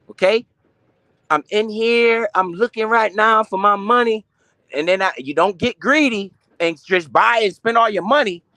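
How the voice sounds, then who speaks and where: A young adult man with a high-pitched voice hosts a finance live stream, casual and slangy with free swearing. He animatedly asks questions and answers them himself, and the recording sounds dry and close with no room echo.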